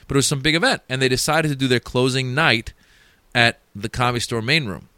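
A man's voice: medium pitch, a little fast, clean tone, no room sound. A man, a stand-up comedian, telling anecdotes in casual chat and acting out the voices of the people in them. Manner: animated, acts out voices in anecdotes.

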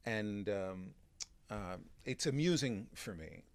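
Low-voiced man chatting in an interview. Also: animated, slow, dry recording. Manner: chatty, with frequent restarts and fillers. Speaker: magician, comic and actor. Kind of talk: interview conversation.

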